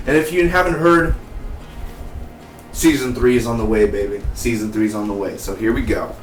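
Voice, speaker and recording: An excitable man rambles through a TV episode review, tripping over his words and restarting. He sits a little back from the mic in an echoey room with a faint hiss behind. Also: on the low side, normal speed, far from the mic. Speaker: TV show reviewer. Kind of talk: casual enthusiastic review.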